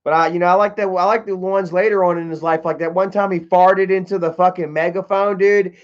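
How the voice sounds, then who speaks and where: A young man with a high, steady voice talks a little fast while hosting a casual livestream. He tells rambling, laid-back stories packed with swearing and answers chat, all through dull lo-fi stream audio.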